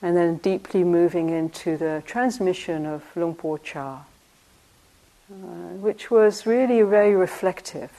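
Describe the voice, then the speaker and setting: An older woman giving a reflective teaching talk, telling stories with soft asides and frequent laughter. Her voice sits a little low for a woman. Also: a little slow. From United Kingdom. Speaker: meditation teacher.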